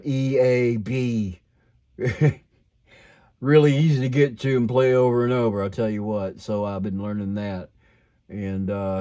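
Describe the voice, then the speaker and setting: A man's voice: medium pitch, a little mellow. An older man with a slight twang, rambling casually at home about his hobbies, full of fillers and restarts. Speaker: toy collector vlogger.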